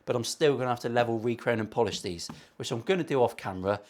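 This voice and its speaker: A man's voice: mid-range voice, quick pace, darkish tone. A man in his forties with an English West Country accent, a guitar maker chatting through a workshop build with cheeky, sweary, self-mocking banter. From England. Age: 40s. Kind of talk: casual workshop vlog.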